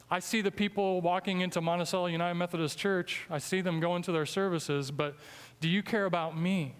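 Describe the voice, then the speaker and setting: A guest preacher with a Midwestern American accent delivers a sermon in a church sanctuary, his voice clear, smooth, and a little higher than most, with fairly even intonation. He sounds earnest and emphatic, slowing down for scripture, and a long reverb trails each phrase through the hall.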